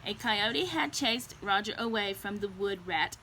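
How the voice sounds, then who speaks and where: A woman reading a children's storybook aloud in a gentle, unhurried way. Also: medium pitch, animated, a little hiss or hum.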